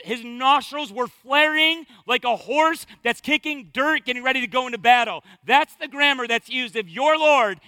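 Guy preaching a sermon, really high bright voice, dry close sound, talks loose and casual then gets fired up. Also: dry recording. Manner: impassioned, swings from hushed to loud; conversational, colloquial preaching. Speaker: pastor.

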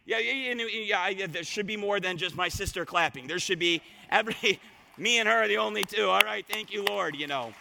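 A man preaching a sermon, retelling a scripture story with lively voiced quotes. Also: sits high, fairly quick, gravelly. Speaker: pastor. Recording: long reverb of a large hall.

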